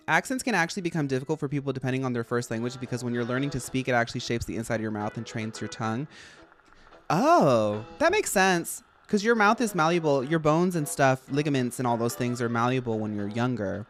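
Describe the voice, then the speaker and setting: A chatty streamer thinking out loud over a game, voice bouncing up and down with lots of animation. The talk rambles in a playful way from one thing to the next. Soft game music plays underneath. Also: medium pitch, animated, quick pace. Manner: rambling, playful, jumps between topics. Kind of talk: casual gameplay stream chat.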